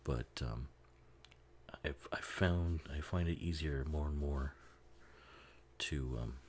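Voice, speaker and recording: A man's voice: rumbling low, slow, a little mellow, a little hiss or hum. A man giving a casual, rambling commentary over a film, laughing often and swearing freely. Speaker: movie commentary host.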